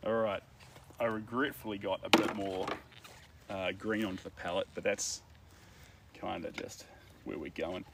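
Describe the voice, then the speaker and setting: A man's voice: low voice, fairly even intonation, measured pace, long pauses, very noisy. A man with a New Zealand accent chatting casually and rambling with filler words while he paints. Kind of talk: casual chat. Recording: distant mic, faint outdoor ambience.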